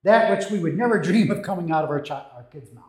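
A man preaching a sermon as pastor, emphatic, with dramatic pauses and quoted lines acted out. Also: on the high side, animated.

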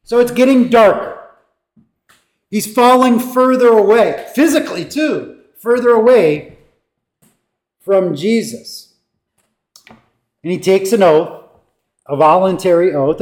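A pastor delivering a sermon, his voice sitting high for a man. He preaches slowly and emphatically, leaning on dramatic pauses and acting out the quoted lines. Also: darkish tone.

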